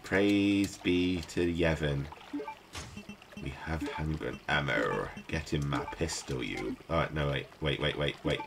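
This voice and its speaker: A man's voice: very deep voice, animated, normal speed, vocal fry, hardly any pauses, background noise. A tired British man from the UK, rambling to himself in casual gameplay commentary as a let's play host. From United Kingdom. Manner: rambling, mutters to himself while playing. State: tired, up at night. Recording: game music playing behind.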